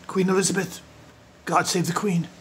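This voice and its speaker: A man playing a mischievous, rocket-obsessed billionaire tycoon in a comedy sketch, using a put-on South African accent and breaking into giddy, high-pitched squeals. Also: measured pace, gravelly, fairly bright tone, slight background noise. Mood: scheming. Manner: scheming and giddy, bursting into high squealing laughs.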